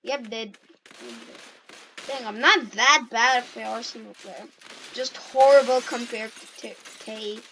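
A woman giving casual, excitable gameplay commentary and shouting at the game. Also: a little high, measured pace, a little hiss or hum, low-quality recording. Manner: excitable, yelps and shouts at the game, self-mocking. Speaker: gaming YouTuber.

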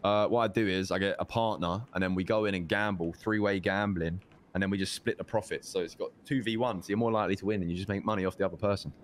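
Man, low-ish voice, quick and matter-of-fact delivery. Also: fairly even intonation, slight background noise. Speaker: roleplay player. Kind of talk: casual in-game chat.

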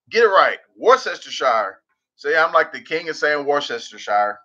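A man's voice: a little high, expressive, normal speed, pushed and bright, highs cut off. A man hosting a casual livestream, rambling and joking, repeating words for laughs. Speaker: livestream host.

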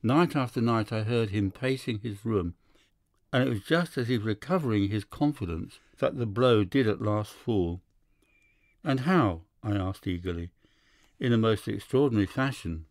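Male audiobook narrator, measured storyteller, lowish voice, dry close recording. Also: a little mellow, dry recording. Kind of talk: scripted narration.

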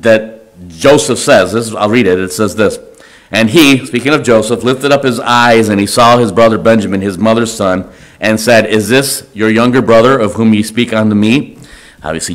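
A man as pastor, preaching a conversational sermon in a church, often restarting and halting over his words. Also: lowish voice. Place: church sanctuary.

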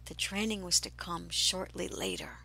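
A woman hosting a podcast, telling a personal spiritual story in a slow, hushed way that often drops to a breathy whisper. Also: lowish voice, fairly even intonation. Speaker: podcast host.

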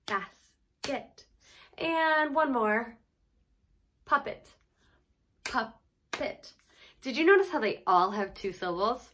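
Slow, patient woman teaching phonics. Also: on the high side, animated, a bit bright, a little hiss or hum. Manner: slow, patient, sounding out letters and clapping syllables. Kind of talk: phonics lesson for young children.

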